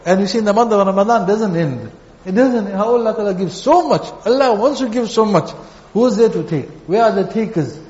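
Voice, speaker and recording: A man's voice: sits high, animated, a little fast, a little mellow. A man preaching a sermon, telling stories and repeating phrases for emphasis. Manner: storytelling with repeated phrases and acted quotes. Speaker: Islamic preacher. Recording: dull echoey hall.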